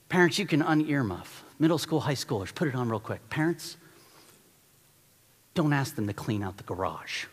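A middle-aged man preaching a sermon as pastor, animated and exhorting, repeating points for emphasis. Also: on the high side, normal speed, breathy edge. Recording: long reverb of a large hall.

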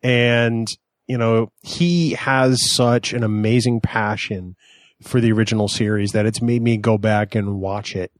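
A man's voice: lowish voice, fairly even intonation, unhurried, no echo, studio quality. A man co-hosting a podcast in casual chat, speaking sincerely. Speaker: podcast host.

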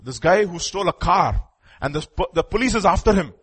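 A man preaching a fiery sermon in a fairly high voice. He swells to loud, urgent peaks and then drops to a soft, pleading hush. The delivery stays earnest and driven throughout. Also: lively intonation, brisk, slightly rough. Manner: impassioned, swings from loud urgent bursts to hushed pleading.

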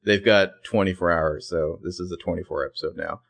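A man's voice: sits low, fairly even intonation, brisk, vocal fry, a bit bright. A man co-hosting a podcast, narrating TV scenes in a dry, playful, detailed way. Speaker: podcast co-host. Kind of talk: casual recap chat.

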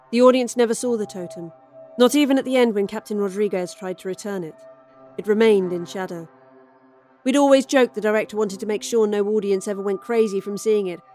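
A woman's voice: medium pitch, a little mellow. A woman reading a first-person sci-fi horror story aloud as storyteller, in a wry, dry tone. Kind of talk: scripted horror story narration.

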